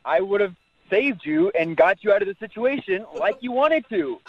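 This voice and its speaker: A man's voice: high voice, expressive, normal speed. A man on the phone to a radio show, defensive and joking, trying to explain himself. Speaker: caller. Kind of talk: call-in radio argument. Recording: muffled phone line.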